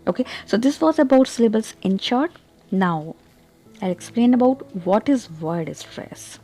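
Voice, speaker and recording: A woman teaching English pronunciation in an online tutorial, explaining carefully and deliberately, and pronouncing example words with clear stress. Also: fairly high pitch, lively intonation, dark tone, faint music behind.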